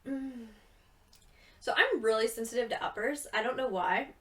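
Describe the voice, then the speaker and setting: High-voiced chatty young woman, a little distant. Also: normal speed, a bit bright. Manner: rambling, giggly, chatty. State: tired from little sleep. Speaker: gaming video creator. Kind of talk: casual chat over gameplay.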